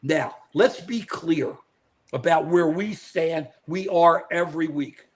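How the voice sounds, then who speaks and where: This older man speaks slowly in a voice on the high side. He co-hosts a live political talk show, giving outraged, emphatic commentary, repeating phrases and addressing his co-host by name.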